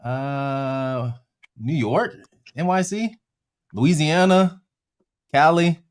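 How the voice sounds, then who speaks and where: A man's voice: fairly high pitch, drawn-out words, clear, resonant tone. A man hosting a live Q and A, upbeat and chatty, plugging a course and reading out viewers' questions. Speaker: host of a live Q and A.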